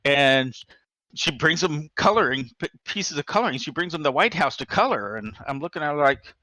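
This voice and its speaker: A man as an interview guest, telling an excitable personal story with frequent fillers and restarts. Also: fairly high pitch, moderate pace, dry recording.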